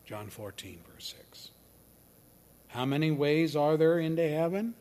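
A man preaching a sermon, swinging from loud declarations down to near-whispers. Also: fairly high pitch, expressive. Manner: slow and deliberate. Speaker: pastor.

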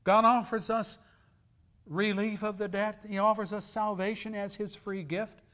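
Male pastor, sermon, slightly high voice, slow and dramatic, drops to whispers. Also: little pitch movement. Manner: dramatic swings from loud emphasis to near whispers.

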